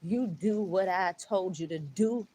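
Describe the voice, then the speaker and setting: A woman voicing God as a calm, fatherly presence who soothes and repeats "my child" after every phrase. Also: on the low side, unhurried, a little hiss or hum, lightly acted, poor audio. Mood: reassuring.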